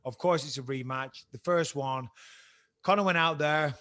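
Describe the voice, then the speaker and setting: An English man with a slight American twang tells stories on a podcast, his voice sitting a little high for a man. He swears casually and acts out both sides of every exchange, getting louder as he goes. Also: moderate pace. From England. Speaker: podcast guest, former fighter. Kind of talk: casual chat, animated storytelling.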